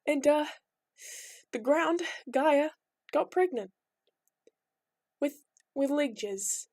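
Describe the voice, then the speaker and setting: High-voiced woman, rambling and jokey. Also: lively intonation, very slow, a little mellow, no room sound. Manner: rambling, irreverent, jokey asides. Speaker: vlogger. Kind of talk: casual storytelling.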